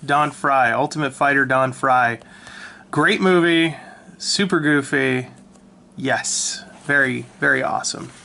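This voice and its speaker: A man casually rambles through his old sketchbook, relaxed and self-mocking, with lots of ums and restarts. His medium-pitched voice is slow with vocal fry, recorded on a handheld camera mic.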